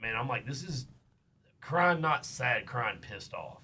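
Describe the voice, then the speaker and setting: A man's voice: mid-range voice, animated, takes it slowly, bright, forceful tone, slightly rough. A man, hosting a casual podcast chat and telling a story with lots of fillers and restarts. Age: 30s. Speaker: podcast host.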